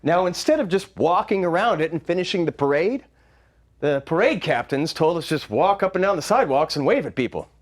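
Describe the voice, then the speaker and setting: Animated man telling a comic story. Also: fairly high pitch, a little fast. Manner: wry, animated. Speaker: solo storyteller. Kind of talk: performed comic monologue.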